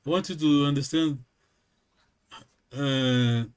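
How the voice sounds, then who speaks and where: A man's voice: medium pitch, steady tone, slow, clear, resonant tone. A man teaching a language lesson, patiently correcting and repeating with many fillers.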